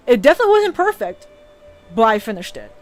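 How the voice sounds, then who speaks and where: A woman's voice: a little high, big pitch swings, fast talker, faint music behind. A young woman streamer chatting casually and earnestly about her dreams, often stumbling and restarting her sentences, growing teary. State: teary and emotional. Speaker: streamer and animator. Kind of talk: casual live-stream chat.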